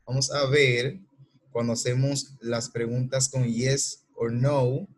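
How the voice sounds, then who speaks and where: Dominican male English teacher, slow and husky, patient, models each answer. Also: medium pitch, flat delivery. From Dominican Republic. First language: Spanish. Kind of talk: classroom lesson explanation.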